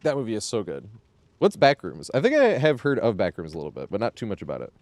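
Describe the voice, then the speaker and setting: A man's voice: lowish voice, wildly swooping pitch, fast, a little mellow, no room sound. Easygoing man in casual stream chat. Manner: rambling, filler-heavy, laughs often. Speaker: game streamer.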